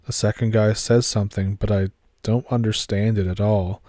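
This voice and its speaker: A man narrating a horror story in a steady, measured way. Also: on the low side, no echo, studio quality.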